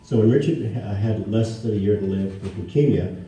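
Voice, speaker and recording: A man in his sixties from the United States tells anecdotes to a live audience as a guest speaker, acting out the dialogue in animated voices. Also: on the low side, fairly quick. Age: 60s. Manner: animated, acts out quoted dialogue in raised voices. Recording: echoey hall, distant mic, faint ambience.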